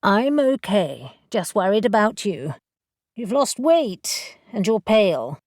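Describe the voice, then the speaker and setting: A woman voicing a motherly, fussing secretary in her sixties in an audiobook, gentle in manner. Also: medium pitch, very animated, slow pace, no room sound, studio quality.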